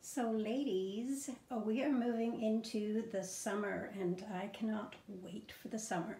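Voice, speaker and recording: A woman's voice: medium pitch, fairly even intonation, a little slow, mellow, reverberant. A middle-aged woman showing outfits and perfumes in a home vlog, gushing and enthusiastic, with plenty of fillers. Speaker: fashion and fragrance vlogger. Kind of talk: casual show-and-tell vlog. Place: bedroom at home.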